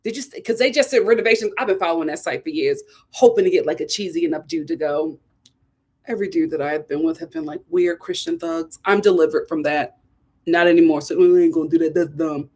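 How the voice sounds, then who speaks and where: A woman hosting a live stream, giving sassy, animated commentary on a reality show and talking straight to her viewers. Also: medium pitch. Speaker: live show host reviewing a reality series.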